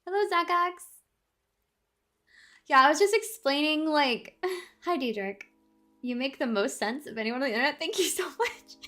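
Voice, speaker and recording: A woman streamer in a casual live-stream rant, animated, swearing a lot and laughing often. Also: high voice, normal speed, long pauses. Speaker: VTuber streamer.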